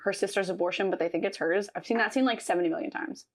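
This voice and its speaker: A woman's voice: medium pitch, fast. A young woman co-hosting a podcast in casual chat, teasing and giggly. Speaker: podcast co-host.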